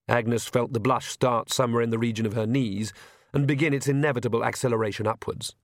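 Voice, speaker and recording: A man reading a comic fantasy novel aloud in a measured, wry storytelling voice. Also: medium pitch, fairly even intonation, dry recording, studio quality. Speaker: audiobook narrator. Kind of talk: scripted narration.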